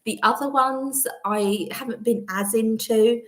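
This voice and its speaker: A woman's voice: fairly high pitch, steady tone, unhurried. A woman hosting a casual live chat from home, rambling between topics and laughing often. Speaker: vlogger host. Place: at home, indoors.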